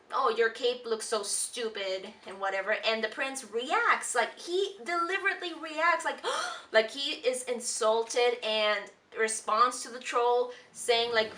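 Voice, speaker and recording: A woman casually reviewing a cartoon episode, rambling with ums and restarts, and briefly quoting characters in high playful voices. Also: pushed and bright, recorded from a distance. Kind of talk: casual commentary.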